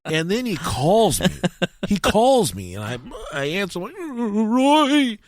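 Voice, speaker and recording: A young man co-hosting a podcast, telling stories in a casual, animated way, swearing often and shouting when acting out scenes. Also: on the high side, a little slow, dry recording. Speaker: podcast co-host.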